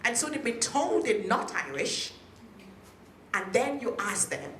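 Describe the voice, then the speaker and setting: A woman's voice: medium pitch, animated, moderate pace, a bit bright, slight background noise. A woman giving a speech to an audience at a peace event, engaging them with questions. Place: hotel function room. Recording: echoey room.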